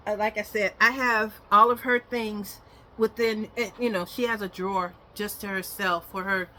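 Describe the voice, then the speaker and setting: A woman's voice: mid-range voice, fairly even intonation, moderate pace, bright, forceful tone, slight background noise. A woman chatting casually in a home vlog while brushing her dog's teeth, rambling and switching to coaxing baby talk. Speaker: dog owner vlogger.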